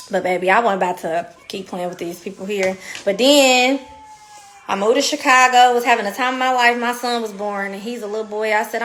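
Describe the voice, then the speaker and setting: A woman in her thirties telling a story in a casual, animated and profane way, laughing often. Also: a little high. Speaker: podcast guest.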